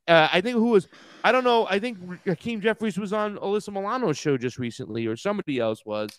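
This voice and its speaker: A man's voice: high-pitched, expressive, a little fast, dry recording. A man co-hosting a casual political talk show, ranting heatedly with lots of profanity. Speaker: co-host.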